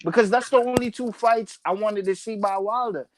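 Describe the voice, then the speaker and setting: A man in a barbershop debate, excitable and animated. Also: high voice, normal speed, noisy background. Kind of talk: casual debate chat.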